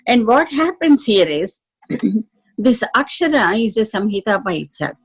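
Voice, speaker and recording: Woman lecturer, slow and methodical, explains carefully and checks understanding. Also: fairly high pitch, big pitch swings, breathy edge, poor audio. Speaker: teacher. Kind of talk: lecture on Sanskrit phonetics.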